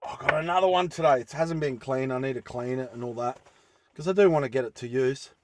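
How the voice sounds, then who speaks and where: A man's voice: medium pitch, quick pace, noisy background. A man vlogging casually from inside his van, rambling enthusiastically with lots of fillers as he shows off his gear. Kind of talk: casual show-and-tell vlog.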